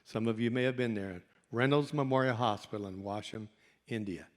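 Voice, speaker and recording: A man's voice: on the low side, brisk. Self-mocking man telling a story in a hall. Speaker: doctor and speaker. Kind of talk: storytelling talk to an audience. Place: convention hall. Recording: long hall reverb.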